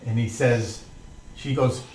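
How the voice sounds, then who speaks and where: Slow, hesitant game master man. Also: mid-range voice. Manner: relaxed, hesitant narration. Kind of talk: narrating a tabletop game. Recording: roomy echo, distant mic.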